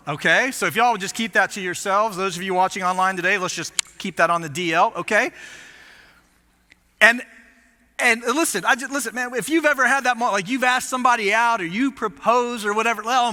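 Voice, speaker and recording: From the pulpit, a lead pastor delivers a storytelling sermon, animated and poking fun at himself. His voice is high, very bright, and strongly projected, with the long reverb of a church auditorium around it.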